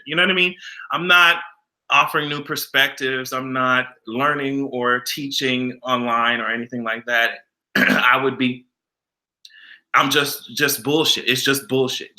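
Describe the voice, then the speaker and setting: A man's voice: mid-range voice, sharp tone. A man talking to the camera in casual celebrity gossip commentary, blunt, profane and sassy. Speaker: vlogger.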